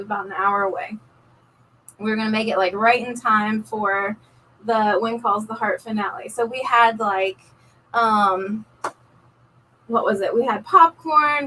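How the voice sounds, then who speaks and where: A middle-aged woman, a nurse, telling a story in casual chat on a live stream, talking in an animated way with lots of fillers. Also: fairly high pitch, far from the mic, slight background noise, rough recording. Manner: chatty, animated storyteller, many likes and ums. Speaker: co-host of a couple's live stream.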